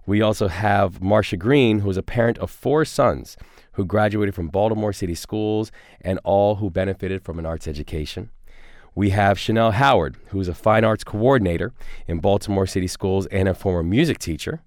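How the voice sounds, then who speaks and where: A man's voice: lowish voice, moderate pace, darkish tone, dry recording, studio quality. A man hosting a talk show, introducing guests with enthusiastic, upbeat energy. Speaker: radio show host.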